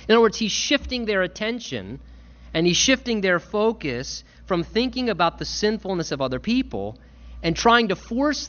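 A man's voice: high-pitched, fairly bright tone, dull audio. A man preaching a sermon, earnest and emphatic, stressing points through repetition. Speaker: pastor.

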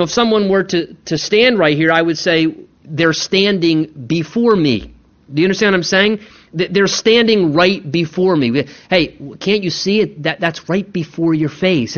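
A man's voice: high voice, fairly bright tone, highs cut off. A male pastor preaching a sermon in a conversational way, often restarting and repeating words.

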